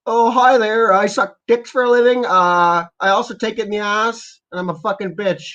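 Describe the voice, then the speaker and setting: A man's voice: high-pitched, fairly even intonation, normal speed, a bit bright, dull audio, voice pushed up. A man doing a crude, mocking impression of a male public health official in a raised voice.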